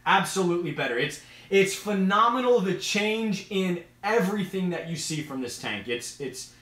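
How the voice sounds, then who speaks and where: A man's voice: sits high, expressive, moderate pace, fairly bright tone, roomy sound. A man hosting a casual live stream, talking with eager, rambling enthusiasm. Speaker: host of an aquarium live stream.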